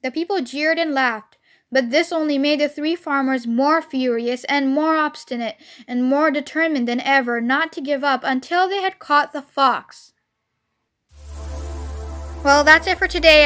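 A woman's voice: high voice, sharp tone. A woman reading a children's storybook aloud expressively, as a storyteller.

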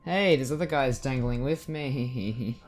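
A man giving let's play commentary at his computer, joking and reacting with excitement to the game as he plays. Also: medium pitch, slow. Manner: excitable, jokey, yelps and laughs at the game. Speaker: gaming YouTuber.

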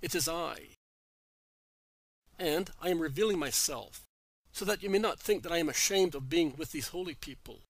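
Guy reading a proud firm woman, storybook style, kinda high, dry sound. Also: expressive, moderate pace, long pauses, dry recording. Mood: resolute.

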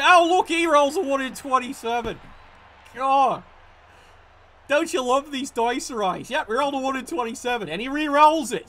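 High-voiced sweary gaming streamer. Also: male voice, fairly bright tone, a little hiss or hum. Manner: sweary, exasperated, sarcastic. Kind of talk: ranting live game commentary.

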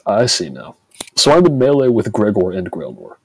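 Male player, very deep and husky, thinks aloud, dry close sound. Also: big pitch swings, moderate pace, no room sound. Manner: thinks aloud, asks questions to sort out positions. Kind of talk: playing a tabletop game.

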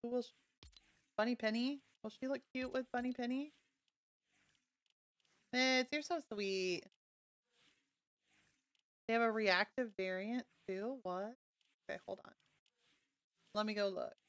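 A woman streaming a video game live, chatting casually to her viewers and gushing excitedly over new items. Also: on the high side, normal speed, pauses often. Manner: bubbly, gushing and easily excited. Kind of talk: casual live-stream chat while playing.

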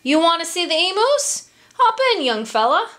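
A woman reading a children's story aloud, voicing a friendly male kangaroo who drives a cab and talks in a brisk, chummy way. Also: extremely high pitch, sing-song, a bit bright, voice pushed up, heavily acted. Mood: cheery. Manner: brisk, chummy, calls others young fella.

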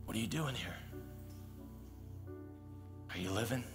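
Deep-voiced man preaching in a reverberant hall. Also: unhurried, creaky. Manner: conversational preaching with emphatic rises and quiet asides. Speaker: pastor. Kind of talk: sermon. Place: church sanctuary. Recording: long hall reverb with faint music.

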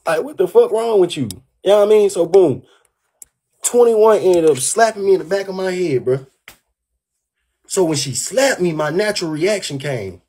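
Husky man ranting on a livestream. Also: high-pitched, moderate pace. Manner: profane, animated, keeps saying "bro". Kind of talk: heated storytelling rant.

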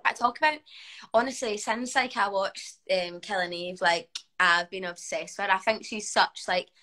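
Chatty Scottish woman, bright voice. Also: mid-range voice, moderate pace, low-quality recording. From Scotland. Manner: chatty, lots of "like", animated. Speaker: guest footballer. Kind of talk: casual chat on a livestream.

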